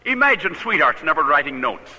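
An older male pastor tells a personal story from the pulpit with lively energy. His tone is bright and forceful, and his voice rises a little high. The sound is an old radio broadcast with a long reverb. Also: fairly quick, highs cut off. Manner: animated, laughing at his own story. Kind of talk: sermon storytelling.

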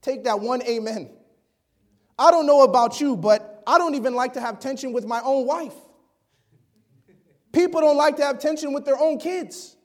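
A man preaching a sermon, reading scripture aloud and asking the congregation questions, often dropping to a hushed, near-whispered voice for emphasis. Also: very high voice, moderate pace.

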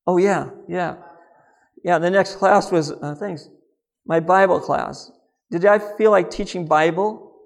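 Middle-aged man, slightly high voice, folksy earnest preacher telling his own story. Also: unhurried, vocal fry. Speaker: speaker on Christian living. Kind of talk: conversational sermon with personal story.

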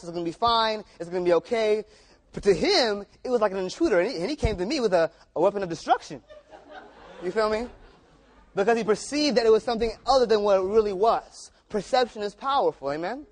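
High-voiced man preaching casually. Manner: casual, repetitive, conversational. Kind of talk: storytelling sermon.

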